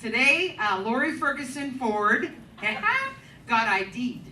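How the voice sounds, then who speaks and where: A woman's voice: high-pitched, sing-song, slow pace, distant mic, slight background noise. A woman in her fifties performing a brash, profane stand-up set with crowd work in a comedy club. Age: 50s. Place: comedy club stage with live audience. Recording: roomy club sound, loud crowd laughter.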